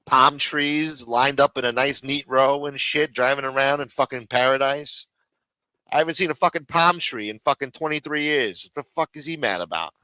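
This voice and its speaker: A man's voice: medium pitch, normal speed, pushed and bright, dry recording, low-quality recording. A man hosting a live stream, ranting and mocking in casual, profanity-heavy talk. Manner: profane, mocking, rambling rant.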